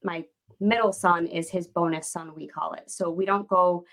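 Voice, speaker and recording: A woman's voice: fairly low pitch, steady tone, moderate pace, fairly bright tone, rough recording. A woman in her late thirties, a guest entrepreneur, telling her story in a candid, rambling way. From United States. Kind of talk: casual interview storytelling.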